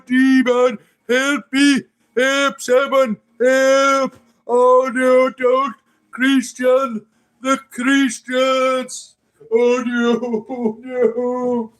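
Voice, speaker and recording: A man voicing a panicky possessed man, wailing high and whiny in mock-theatrical pleading. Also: a bit bright, roomy sound, exaggerated voice.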